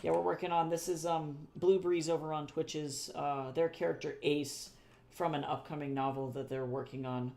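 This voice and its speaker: Rambling through a live drawing stream, this artist keeps repeating phrases, correcting themself, cursing casually, and chuckling at their own jokes. They speak at a moderate pace in a steady, medium-pitched voice that's creaky with a darkish tone.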